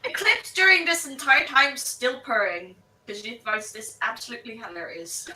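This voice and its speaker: A woman playing in a tabletop game, explaining her character's view in a measured way. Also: fairly high pitch, sharp tone. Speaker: player. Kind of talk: tabletop role-play. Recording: roomy distant mic with faint noise.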